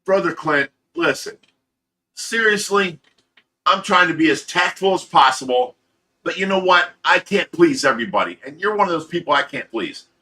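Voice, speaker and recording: A man's voice: on the high side, animated, moderate pace, bright, forceful tone. A man hosting a casual livestream, talking bluntly and profanely, ranting and telling stories to his chat with laughs. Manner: ranting, talks to chat commenters by name. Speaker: livestream host of a fish rescue channel.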